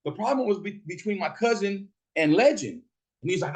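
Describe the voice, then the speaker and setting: A man's voice: a little high, quick pace. Man cursing through a story. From Fresno, California. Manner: profane, animated, acts out quoted voices. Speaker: host telling a personal story. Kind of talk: casual storytelling monologue.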